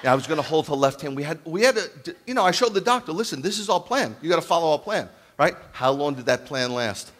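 A man in his fifties preaching as a rabbi, telling stories with jokes and acting out the dialogue in an animated sermon. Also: fairly high pitch, quick pace, hardly any pauses. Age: 50s. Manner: animated, jokey, acts out quoted dialogue. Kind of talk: humorous storytelling sermon.

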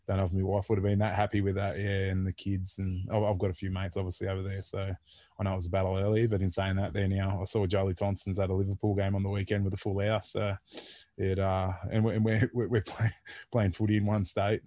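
Australian man, 30s, ex-footy player; relaxed podcast chat, casual swearing, deep and fairly monotone. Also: fast talker, no room sound. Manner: laid-back, many fillers and restarts, swears casually. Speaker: retired rugby league player, interview guest.

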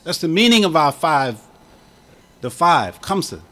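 A man's voice: fairly high pitch, sing-song, unhurried, fairly bright tone. A man preaching a sermon as imam, with an impassioned cadence that swells and drops. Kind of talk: Friday sermon.

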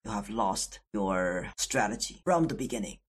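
A man's voice: fairly low pitch, animated, normal speed, husky. A man voicing a violent, vengeful warrior who speaks curtly and bluntly. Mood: cold vengeful. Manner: curt, cold, blunt.

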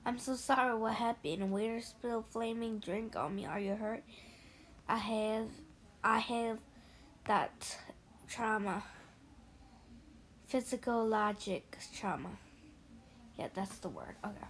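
A woman hosting an ASMR mobile game playthrough, speaking softly and sometimes whispering as she reads the game chat aloud. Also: on the high side, takes it slowly, long pauses, a little hiss or hum. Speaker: ASMR channel host.

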